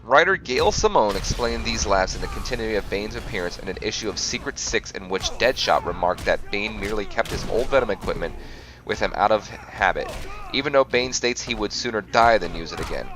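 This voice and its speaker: A man's voice: fairly low pitch, animated, brisk. A man hosting a game playthrough, reading facts aloud and often stumbling and correcting himself. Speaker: gaming channel host.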